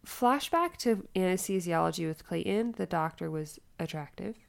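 A young woman co-hosting a podcast in casual chat, telling a story with lively, acted-out quotes that jump up in pitch. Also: normal speed, gravelly, a little hiss or hum. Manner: animated storytelling, acting out quoted lines in a raised voice. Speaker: podcast co-host.

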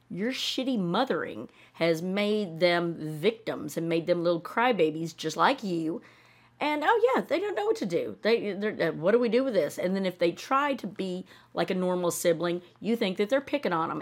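A woman hosting a podcast, ranting in casual reaction commentary, sarcastic and opinionated, swearing freely and mimicking people in mocking voices. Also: lowish voice. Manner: animated, often acts out mocking voices. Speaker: podcast host reacting to a TV show.

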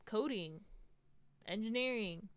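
A woman's voice: medium pitch, takes it slowly, no room sound. A young American woman chatting casually as a podcast host, telling stories with lots of "like" and "you know". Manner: acts out quotes in a raised voice. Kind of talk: casual chat.

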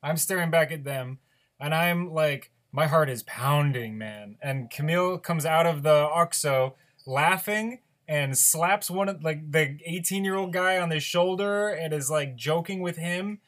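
A young man tells a story in relaxed conversation, emphatic and full of slang. His voice sits a bit higher than most men's. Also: measured pace.

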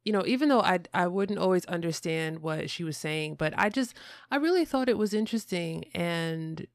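A woman's voice: fairly low pitch, animated, normal speed, dry recording. A woman hosting a podcast interview, speaking thoughtfully and hesitantly with many fillers. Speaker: podcast host. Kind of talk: interview conversation.

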